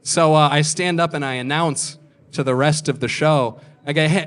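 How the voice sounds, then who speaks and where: A young man telling self-deprecating stand-up stories on a comedy club stage, acting out other people's lines in quick voices. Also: on the high side, steady tone, clean tone. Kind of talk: stand-up storytelling.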